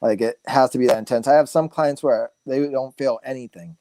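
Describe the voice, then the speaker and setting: A man in his forties, a guest speaker, telling stories in a relaxed, rambling way full of fillers and restarts. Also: mid-range voice, fairly quick, no room sound. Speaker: guest speaker, massage therapist. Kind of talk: casual storytelling interview.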